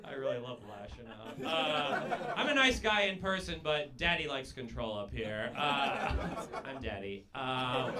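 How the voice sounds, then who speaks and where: A man performing a stand-up comedy set in a comedy club, deadpan and sardonic, teasing the audience. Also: mid-range voice, unhurried. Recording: live club with loud crowd laughter. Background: audience laughter.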